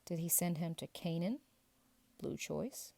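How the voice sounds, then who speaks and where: A woman's voice: on the low side, vocal fry. A woman leading a playful Bible quiz for children, drawing out each answer and cheering the kids on. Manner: playful, animated and encouraging, drawn-out answer reveals. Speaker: children's ministry teacher.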